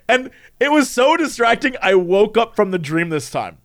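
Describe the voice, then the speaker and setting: A man in casual conversation, recounting a strange recurring dream with lively delivery and frequent laughs. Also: high-pitched, normal speed, hardly any pauses. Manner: animated, acts out quoted voices, laughs often. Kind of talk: casual storytelling chat.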